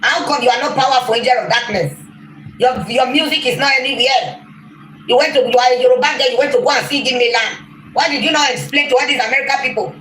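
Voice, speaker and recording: A woman's voice: sits high, fast, fairly bright tone. Scolding woman in echoey room. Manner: scolding, insulting, repetitive. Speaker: rival online commentator. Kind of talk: clip of a livestream rant. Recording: echoey room with faint noise.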